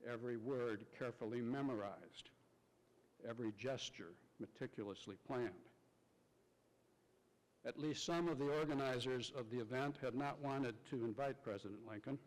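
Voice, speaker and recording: Man, mid-pitched, stately formal speaker; hall reverb. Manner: measured and stately. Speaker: ceremony speaker. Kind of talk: formal ceremonial narration. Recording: large hall with long reverb.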